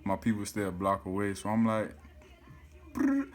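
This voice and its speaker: Animated man telling a story. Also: fairly low pitch, quick pace, faint music behind. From South Florida. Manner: animated, swears often, keeps saying "you feel me". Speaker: vlogger. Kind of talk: casual storytelling to camera.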